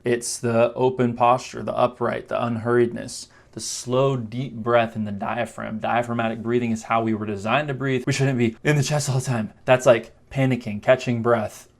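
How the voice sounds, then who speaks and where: With a creaky, medium-pitched voice, this confidence coach talks to men directly through the camera. His style is casual, and he illustrates points by acting out brief demos and putting on mock voices.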